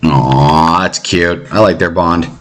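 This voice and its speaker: A man's voice: low voice, takes it slowly. A young man reading game dialogue aloud on a live stream, reacting briefly between lines.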